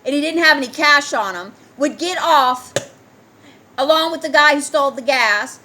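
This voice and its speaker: A woman's voice: high voice, moderate pace, pushed and bright, a little hiss or hum. A woman in a heated, ranting solo commentary, reading news aloud and firing rhetorical questions at her listeners.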